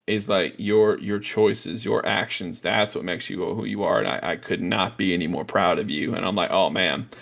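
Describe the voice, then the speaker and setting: A man hosting a casual movie review chat, excitedly retelling scenes with lots of fillers and acted-out quotes. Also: deep voice, normal speed, creaky, few pauses. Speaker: podcast host.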